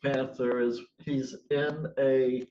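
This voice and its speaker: A man's voice: mid-range voice, flat delivery, takes it slowly, a little mellow, a little hiss or hum. A man hosting a play reading group on a video call, easygoing and telling jokes plainly. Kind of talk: casual chat on a video call. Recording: roomy, dull video-call audio.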